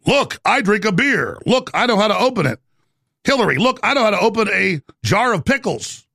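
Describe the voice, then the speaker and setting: A man's voice: high-pitched, very animated, fairly quick, creaky, bright, forceful tone, no echo, studio quality, pitched above the performer's own voice, heavily acted. A man putting on a mocking impression of a woman politician, in a sing-song voice.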